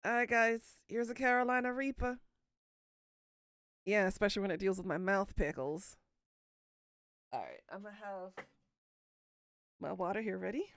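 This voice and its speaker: A woman with a medium-pitched, fairly bright voice chats with her stream during a hot-sauce challenge, speaking at a moderate pace and pausing often. She curses a lot, groaning and coughing against the heat. The recording is dry.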